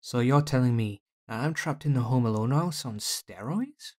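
A man's voice: medium pitch, expressive, normal speed, darkish tone, natural voice. A man playing a sarcastic, swearing young man in a fan audio drama.

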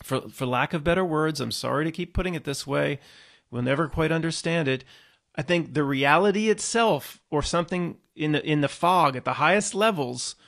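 A man hosts his own YouTube channel, rambling casually to viewers. He restarts often and swings from low mutters to loud, emphatic bursts.

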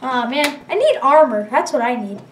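A woman commenting on her gameplay as she plays, excitable and quick to exclaim and shout reactions. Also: high voice, far from the mic. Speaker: let's play gamer. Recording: roomy, away from mic, noisy.

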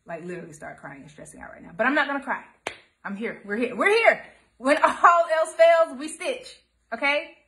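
Bright-voiced chatty woman. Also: mid-range voice. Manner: chatty, expressive, addresses viewers as y'all. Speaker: embroidery livestream host. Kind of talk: casual live-stream chat.

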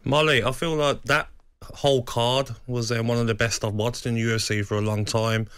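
Guy co-host on a talk radio show, smooth voice, kinda joking, dry mic. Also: medium pitch, flat delivery, normal speed, a bit bright, dry recording. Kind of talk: casual interview questions.

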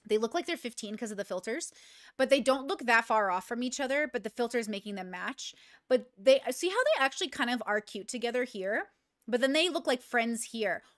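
A woman hosting casual reaction commentary, thinking aloud in an animated, swearing way. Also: fairly high pitch, dry recording, clean studio sound. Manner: animated, swearing, thinking aloud, pausing to clear her throat. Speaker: commentary host reacting to a video.

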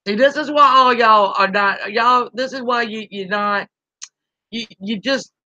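A woman's voice: fairly high pitch, a little slow, pushed and bright, no room sound, dull audio. A woman, ranting bluntly and profanely on a live-stream while reading chat aloud. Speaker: YouTube commentary host.

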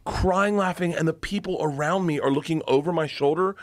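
A middle-aged man telling rambling, excitable stories in a casual podcast chat, laughing and swearing often. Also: fairly high pitch, brisk, no echo. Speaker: podcast guest comedian.

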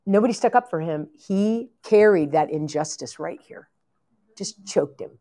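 A woman preacher telling a long story in a sermon, animated, acting out the voices of the people in it and often laughing. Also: fairly low pitch, normal speed. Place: conference hall.

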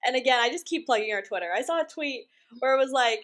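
A woman's voice: high voice, lively intonation, fast talker, a bit bright. Chatty young woman podcast co-host. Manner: chatty, frequent "like", laughs easily. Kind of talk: casual chat.

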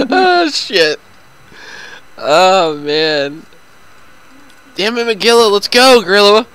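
Bright-voiced, foul-mouthed gamer guy. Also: sits high, big pitch swings, extremely slow, clear, resonant tone, poor audio. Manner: profane, loose and talkative. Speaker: gaming commentator. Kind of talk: casual gameplay chat.

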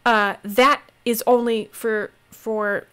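A woman's voice: fairly high pitch, steady tone, slow pace, clear, resonant tone. Woman doing a flustered, gushing village healer. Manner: flustered, loud and gushing, near tears.

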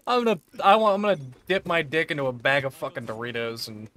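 A man's voice: on the high side, a bit bright. A man streaming a shooter game, chatting casually with friends, laughing often and swearing playfully. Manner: giggly, crude, playful. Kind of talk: casual gaming chat.

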